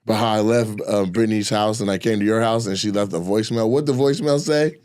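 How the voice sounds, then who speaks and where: A man co-hosting a comedy podcast, telling a story in a crude, animated way with frequent laughter. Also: lowish voice, fast talker, clean tone. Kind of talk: casual chat, storytelling.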